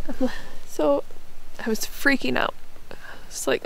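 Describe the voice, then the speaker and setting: A woman bow hunter speaking outdoors right after a shot, shaky, breathless and tearful with excitement. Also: high voice, measured pace, creaky, slight background noise, poor audio. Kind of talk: live reaction after a hunt. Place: outdoors at a hunting stand.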